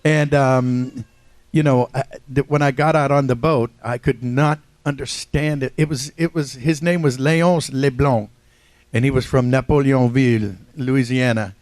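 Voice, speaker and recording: A man's voice: mid-range voice, fairly even intonation, moderate pace, a little mellow, no echo. An older man from Ohio, a voice actor telling stories as a convention panel guest, joking and self-deprecating and often laughing. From Ohio, USA. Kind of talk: casual storytelling.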